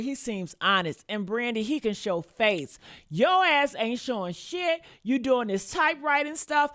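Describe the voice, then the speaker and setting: A woman's voice: sits high, a bit bright. A woman hosting a celebrity gossip channel, talking in a sassy, blunt, scolding way.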